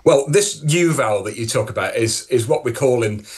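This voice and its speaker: A man's voice: mid-range voice, lively intonation, normal speed. A male dialectology professor with a northern English accent, explaining his ideas in a radio interview while thinking aloud.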